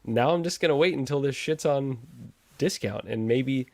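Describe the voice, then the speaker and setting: A man's voice: mid-range voice, normal speed, dry recording. A man hosting a casual livestream chat, reading out viewer comments and trading sarcastic jabs with a laugh. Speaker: podcast host reading live chat.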